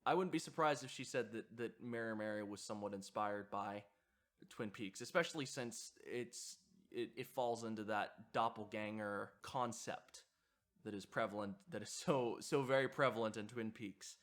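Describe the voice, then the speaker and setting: A man with a fairly low pitch and fairly bright tone, speaking at normal speed, reflects on horror sound design in a video essay. He sounds hesitant, often using fillers and restarting sentences.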